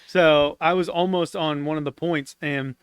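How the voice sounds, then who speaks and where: A man telling an army story as a podcast guest, casual and animated, laughing as he goes. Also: fairly high pitch, normal speed, smooth. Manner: animated, laughs often while telling stories.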